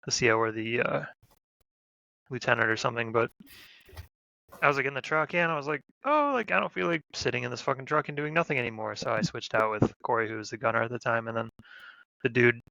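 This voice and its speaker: A man's voice: mid-range voice, fast talker, gravelly, no room sound, dull audio. Profane man telling a war story. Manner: rambling, profane, animated retelling with loud quoted shouts. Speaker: podcast co-host, army veteran. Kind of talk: casual storytelling chat.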